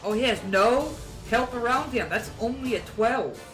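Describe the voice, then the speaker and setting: A man running a tabletop game as game master, briskly ruling on rolls and narrating hits. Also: very high voice, a bit bright, soft background music.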